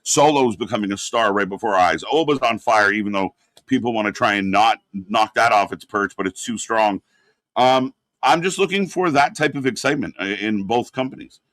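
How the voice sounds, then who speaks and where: A man's voice: on the low side, moderate pace, a bit bright, no room sound. A man hosting a live watch-along, reacting and critiquing in a rambling, exasperated way with lots of fillers. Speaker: host.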